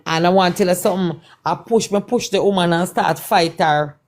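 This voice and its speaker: A woman with a Jamaican accent and a somewhat low voice recounts a personal testimony as a guest. Her talk is laced with Patois, loops back on the same phrases, and acts out the exchanges she describes. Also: a little fast. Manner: Patois-laced, repetitive retelling with quoted dialogue. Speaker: guest performer. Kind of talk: testimony storytelling.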